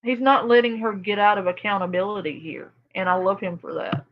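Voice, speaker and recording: A woman's voice: mid-range voice, a little fast, lo-fi sound. A woman hosting a reaction video, commenting casually with sarcasm. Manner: sarcastic, laughing.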